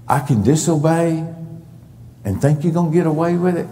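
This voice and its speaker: A man's voice: fairly high pitch, expressive, moderate pace, dark tone. Emphatic preacher man in a reverberant sanctuary. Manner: emphatic, stresses words for effect. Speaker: pastor. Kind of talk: sermon. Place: church sanctuary. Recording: long reverb of a church hall.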